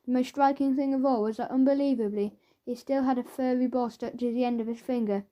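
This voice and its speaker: A woman's voice: a little high, a little fast. Playful woman narrating a kids' audiobook. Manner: playful, expressive.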